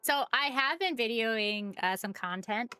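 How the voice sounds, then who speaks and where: A woman's voice: on the high side, lively intonation, measured pace, sharp tone, smooth, no echo, faint music behind. A woman chatting casually on a live stream as she paints miniatures, greeting viewers by name and laughing often.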